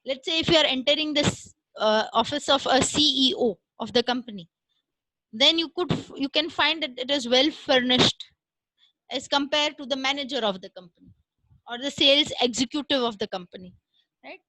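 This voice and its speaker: A woman giving a recorded classroom lecture, explaining step by step with frequent "uh" pauses and "right?" checks. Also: high voice, pushed and bright, no echo, low-quality recording.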